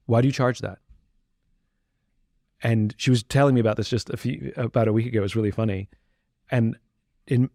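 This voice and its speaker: A man's voice: mid-range voice, darkish tone, no room sound, clean studio sound. A man speaking as a podcast guest, talking candidly and reflectively about himself in conversation. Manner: candid, self-reflective, acts out quoted voices.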